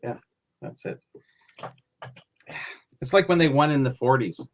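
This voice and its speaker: A man's voice: mid-range voice, unhurried, a little hiss or hum. Wisecracking man in a casual hobby chat. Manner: wisecracking, rambling asides. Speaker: co-host.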